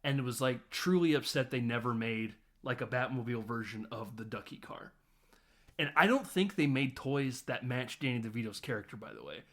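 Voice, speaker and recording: Man, podcast host, casual film recap, swears freely, laughs often. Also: mid-range voice. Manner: animated retelling with quick voiced quotes.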